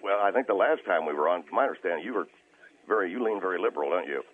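A man's voice: sits low, expressive, pitched below the performer's own voice. A man voicing a combative, stammering conservative caller to a radio show. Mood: blustery. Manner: blustery, stammering, quick to flare up. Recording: tinny phone line.

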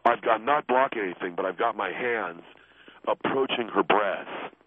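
A man's voice: fairly low pitch, moderate pace, pitched below the performer's own voice, natural voice. A man putting on a brash, crude love-coach guest. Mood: boastful. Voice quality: stammering, defensive, crude. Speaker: guest on a call-in show. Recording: muffled phone line with faint hiss.

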